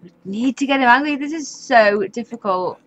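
A woman's voice: on the high side, animated, normal speed, fairly bright tone, lo-fi sound. A woman giving casual, chatty commentary over a life-sim game, often exasperated and laughing. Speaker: gaming YouTuber. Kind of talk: casual let's-play commentary.

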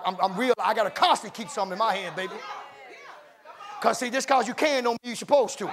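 A male pastor preaching a sermon in a church, calling out to the congregation, often shouting and repeating "my God" and "baby". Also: high voice. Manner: call-and-response preaching, rising to shouts. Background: congregation responding.

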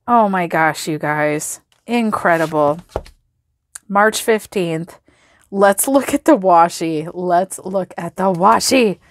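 A woman vlogger excitedly showing stickers and washi tape, gasping and gushing over each item. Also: medium pitch. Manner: gushing, gasps and exclaims over items. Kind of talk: excited product flip-through.

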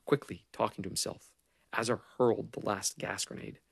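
Low, gravelly male audiobook narrator. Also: steady tone, normal speed, no echo. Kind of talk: audiobook reading of a novel.

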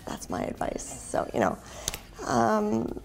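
A woman's voice: mid-range voice, wildly swooping pitch, slow, gravelly, faint music behind. A woman from Canada, a singer chatting casually and upbeat in an interview, often saying "you know".

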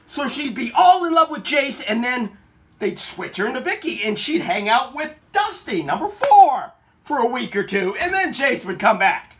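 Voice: medium pitch, a bit bright, breathy edge. Blunt, indignant documentary narrator. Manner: blunt, indignant, swears freely. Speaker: filmmaker and narrator. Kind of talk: documentary narration and recorded calls.

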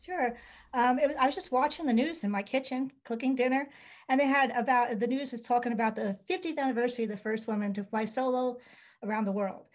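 A woman from Ohio recounts a story in an animated, conversational way, slipping into little performed voices for the people she quotes. Her voice sits a bit high for a woman. She talks casually with plenty of "like" and "I'm like.". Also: quick pace, poor audio. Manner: animated, acts out quoted dialogue. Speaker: children's book author.

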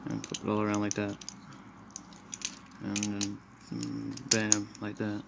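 Gravelly, flat-voiced man reviewing toys. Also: fairly low pitch, slow. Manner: rambling, apologetic, frustrated. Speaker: toy reviewer. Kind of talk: casual toy review walkthrough. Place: room in a house. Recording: noisy home recording.

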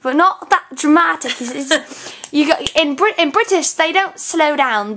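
Young american girl putting on a fake british accent, bossy teacher vibe, high bouncy voice, slight background noise. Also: animated, normal speed, hardly any pauses. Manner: talks in a put-on mock British accent, bossy correcting. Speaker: co-host. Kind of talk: comic teaching segment.

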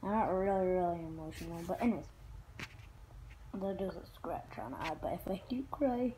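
A woman talking in a rambling personal vlog, halting with many fillers and restarts. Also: fairly low pitch, mellow, slight background noise, poor audio. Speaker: vlogger.

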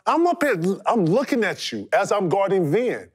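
A former pro basketball player, a man, excitedly telling a story on a podcast, laughing and imitating others. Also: high-pitched, moderate pace, hardly any pauses, breathy edge.

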